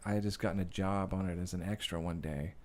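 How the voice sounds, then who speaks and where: Low-voiced man telling rambling stories. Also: steady tone, quick pace. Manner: profane, rambling, many fillers. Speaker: guest actor and director. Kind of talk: casual interview storytelling.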